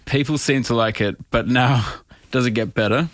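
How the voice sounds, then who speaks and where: A man's voice: medium pitch, moderate pace, dry recording. A man co-hosting a podcast in casual, sweary, rambling chat. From Australia. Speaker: podcast co-host.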